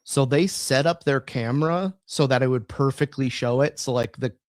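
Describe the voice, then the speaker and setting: A male podcast co-host chats casually at a moderate pace in a mid-range voice, rambling with many fillers and restarts. The sound is studio quality, with no room sound.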